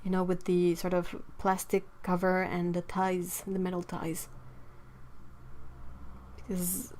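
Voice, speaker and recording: A woman's voice: on the low side, completely flat delivery, takes it slowly, darkish tone, slight background noise. Chatty woman painting on a livestream. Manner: chatty, reads viewer comments aloud, laughs often. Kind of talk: casual chat while painting.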